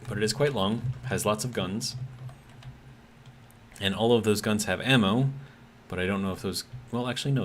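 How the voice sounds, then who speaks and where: A man with a low-pitched voice streams a game live, chatting casually and reading chat messages aloud. He's easygoing but hesitant, with lots of ums and self-corrections, and there's slight background noise.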